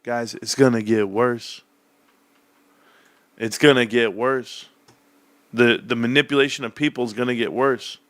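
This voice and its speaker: Male streamer, bright sharp tone, dry close sound, sarcastic heated delivery. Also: medium pitch, fairly even intonation, unhurried, long pauses, dry recording. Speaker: livestream host reading chat. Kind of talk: live-stream rant about stocks.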